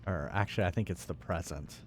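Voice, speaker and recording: A man's voice: deep voice, fast, slight background noise. A man streaming a game, making joking, playful comments as he plays. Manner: joking, playful, talks to the screen.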